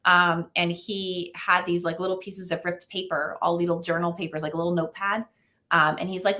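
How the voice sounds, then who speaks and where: A woman from the United States speaks as a parenting expert guest in a relaxed interview. Her voice sits a little low, and she tells stories in an animated way, peppered with fillers. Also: fairly quick. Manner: animated storytelling with frequent fillers. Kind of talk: conversational interview.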